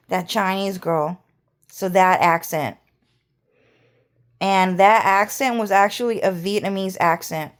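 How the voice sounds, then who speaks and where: A woman's voice: medium pitch, fairly even intonation, measured pace, smooth. A woman vlogger talking in a rambling monologue, repeating words and restarting her phrases.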